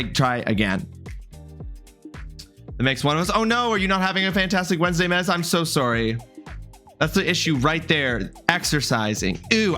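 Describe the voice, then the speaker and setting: A man in his thirties talks casually through a live game stream, answering chat and greeting viewers one by one. His voice sits a little high and rings bright and forceful, with soft music faintly playing underneath. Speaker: livestreamer.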